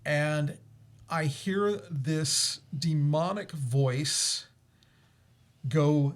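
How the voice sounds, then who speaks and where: Hosting a casual talk, a man with a fairly high voice tells a ghost story a little slowly. He laughs often and fills his speech with fillers and restarts.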